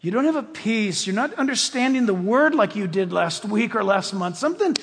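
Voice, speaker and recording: A man preaching a sermon to his church, animated, swinging between loud exclamations and hushed, nearly whispered passages. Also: high voice, a little fast, a little hiss or hum. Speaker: pastor. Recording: long hall reverb.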